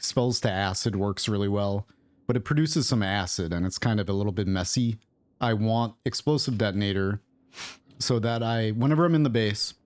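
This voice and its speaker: A man's voice: on the low side, a little mellow, dry recording. A man streaming a game, talking casually and thinking aloud as he plays, rambling with mutters and asides. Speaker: gaming streamer. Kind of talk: casual gameplay commentary. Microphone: own microphone at desk.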